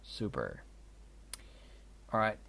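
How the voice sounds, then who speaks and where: A man's voice: fairly low pitch, huge pitch swings, drawn-out words, gravelly, fairly bright tone, husky. Wry man muttering through a strategy game. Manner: wry, muttering, swears now and then. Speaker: let's play host. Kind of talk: casual gameplay commentary. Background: keyboard and mouse clicks.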